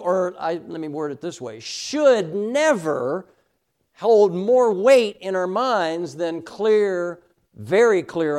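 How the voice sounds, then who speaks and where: A middle-aged man teaches a Bible class with emphatic conviction, often checking in with his listeners. His voice sits high and rises and falls widely as he reads verses slowly and stresses each word. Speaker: Sunday school teacher.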